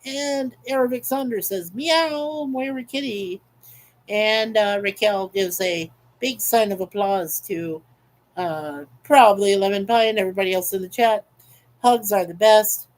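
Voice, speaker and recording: A man's voice: sits high, measured pace. A man hosting a casual livestream, chatty and playful as he reads viewer comments aloud. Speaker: livestream host. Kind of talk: casual live chat. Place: home in Canada.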